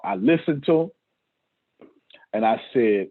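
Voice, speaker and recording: A man's voice: medium pitch, sing-song, normal speed, long pauses, slightly rough. A man hosting a motivational talk to his staff on a video call, preachy and repeating his points, often laughing. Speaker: host. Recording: tinny phone-like call audio.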